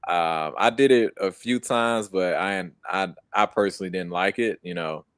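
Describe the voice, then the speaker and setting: A man's voice: low-pitched, normal speed, fairly bright tone, clear, resonant tone, no echo, clean studio sound. A young American man co-hosting a casual streamed chat, laid-back and slangy, laughing often. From United States. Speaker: co-host.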